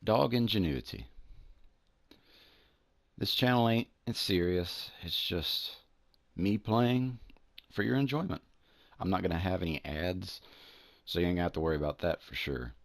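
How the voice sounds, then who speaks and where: Deep-voiced southern man rambling over gameplay. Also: expressive, vocal fry, no echo. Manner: rambling, restarts, drawn-out words. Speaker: gaming channel host. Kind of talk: casual gameplay commentary.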